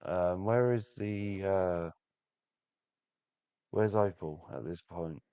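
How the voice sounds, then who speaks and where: Deep-voiced man playing a tabletop game. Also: takes it slowly, dark tone, clear, resonant tone, no echo, dull audio. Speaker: player. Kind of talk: casual tabletop game play.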